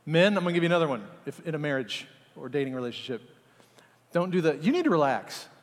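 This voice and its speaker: A man preaching a sermon to a congregation, animated and acting out little scenes as he talks. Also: fairly high pitch, fast. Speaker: pastor. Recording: long hall reverb.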